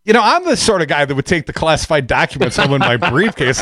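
A man hosting a call-in radio talk show, animated and self-deprecating, talking off the cuff. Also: fairly high pitch, fast, no room sound, studio quality.

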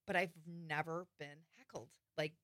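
A woman comedian with a strong Wisconsin accent chats easily as a guest, with plenty of ums. Her voice sits low for a woman but sounds bright, recorded dry and close. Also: steady tone, measured pace, no room sound. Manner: easygoing, with frequent ums. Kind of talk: casual chat.

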